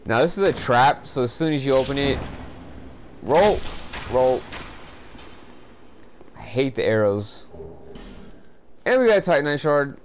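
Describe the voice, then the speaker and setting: A man's voice: mid-range voice, animated, brisk, a little hiss or hum. Frustrated swearing man narrating a game. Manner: frustrated, swearing, exasperated rants. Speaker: gameplay commentator. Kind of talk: walkthrough commentary.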